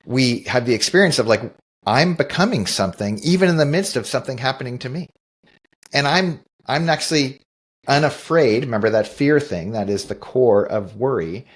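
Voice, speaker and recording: A man's voice: medium pitch, expressive, moderate pace, husky. A middle-aged man co-hosting a podcast, telling a personal story in an earnest, reflective way and often restarting his sentences. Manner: earnest, thoughtful, with frequent restarts. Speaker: podcast co-host. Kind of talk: reflective storytelling in casual conversation.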